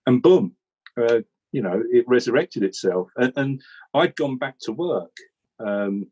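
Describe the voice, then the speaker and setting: A man from England talks in a loose, animated, rambling way, circling back and restarting sentences as he tells a story. His voice is a little husky and sits at an ordinary pitch. The sound is slightly muffled, like a remote call. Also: measured pace. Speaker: regular commentator recalling how he joined. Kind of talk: casual chat.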